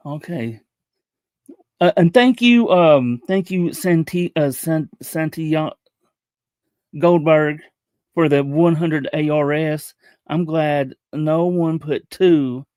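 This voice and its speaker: A man hosting a livestream, talking casually in a halting way, often repeating words and restarting his sentences. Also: on the high side, a little mellow, no echo. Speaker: livestream host.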